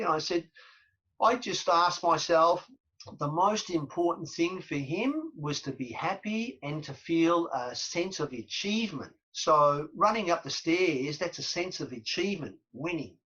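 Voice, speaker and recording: Animated Australian man in his fifties, husky. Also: on the high side, a little slow, highs cut off. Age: 50s. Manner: animated storyteller, repeats phrases for emphasis. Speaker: guest, former footballer. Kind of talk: storytelling interview.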